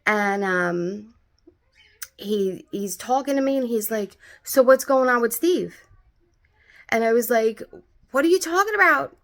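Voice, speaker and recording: A woman's voice: on the high side, takes it slowly, pauses often. A young adult woman telling a story in a casual vlog, rambling with lots of fillers and swearing freely.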